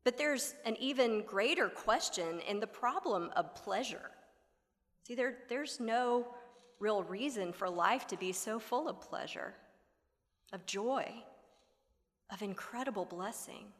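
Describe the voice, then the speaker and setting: A woman preaching a sermon in an expressive, rhetorical manner, sometimes dropping to a near whisper for emphasis. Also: fairly high pitch, measured pace. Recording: long hall reverb.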